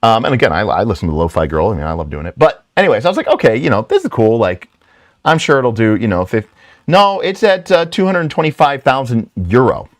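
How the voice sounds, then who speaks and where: Animated self-deprecating male channel host. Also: medium pitch, fairly quick, no room sound, studio quality. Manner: self-deprecating, animated storytelling with frequent restarts and asides. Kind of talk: casual rambling talk.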